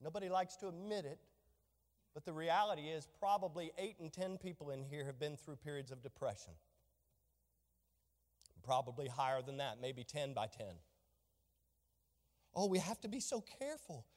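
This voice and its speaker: A man preaching a sermon to a congregation, swinging between loud, ringing proclamations and hushed, low asides. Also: lively intonation, normal speed, pauses often. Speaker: pastor. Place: church sanctuary. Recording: long reverb of a large hall.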